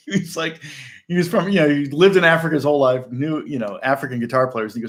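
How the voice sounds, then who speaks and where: Speaking a little quickly in a mid-range voice, this man is a session guitarist answering questions from viewers in a casual, meandering chat. He tells anecdotes with plenty of fillers and restarts, breaking off to demonstrate on guitar, which plays behind him.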